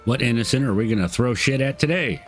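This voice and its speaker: A man's voice: medium pitch, fast, faint music behind. A middle-aged man streaming a video game, making profane, wry asides. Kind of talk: casual gameplay commentary.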